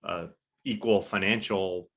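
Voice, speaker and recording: A man hosting a business interview speaks in a low voice. He reflects out loud in a loose, conversational way, full of casual fillers. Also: steady tone, a little slow, breathy edge. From United States. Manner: reflective, conversational, many fillers like "you know". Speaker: podcast host.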